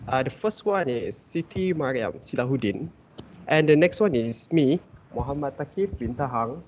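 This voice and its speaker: A man's voice: medium pitch, darkish tone. A young man from Malaysia giving a student project presentation on a video call, explaining steadily with some hesitations. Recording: dull lo-fi video call audio with faint noise.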